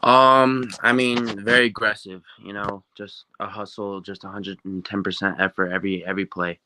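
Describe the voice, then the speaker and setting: A teenage football recruit from New Mexico, answering interview questions in an upbeat, rambling way with many fillers. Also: male voice, on the low side, little pitch movement, normal speed, bright, forceful tone, a little hiss or hum. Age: teens.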